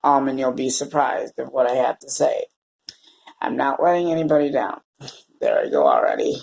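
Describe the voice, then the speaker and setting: A male vlogger talking to his viewers in a tearful, emotional way, halting and close to crying. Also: medium pitch, fairly even intonation, gravelly, a little mellow, poor audio. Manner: emotional and halting, often addressing viewers as "you guys". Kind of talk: personal video diary.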